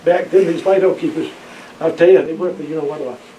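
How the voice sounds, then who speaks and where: A man's voice: on the high side, fairly even intonation, fairly quick, mellow. Older man spinning yarns. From Maine, USA. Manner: rambling, folksy, laughs often, many "you know"s. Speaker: interviewee, retired Coast Guard keeper. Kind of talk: storytelling oral history. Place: library room. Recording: roomy, distant, dull, faint hiss.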